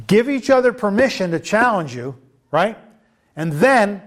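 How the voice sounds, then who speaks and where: A male preacher delivering a sermon in a somewhat high voice. He speaks with emphasis, repeats phrases again and again and keeps asking his listeners questions. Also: sing-song, moderate pace.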